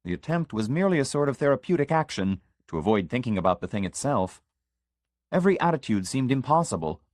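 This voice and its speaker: A man narrating a literary short story in the first person, measured and reflective. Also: medium pitch, sing-song, a little mellow, no room sound. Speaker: audiobook narrator.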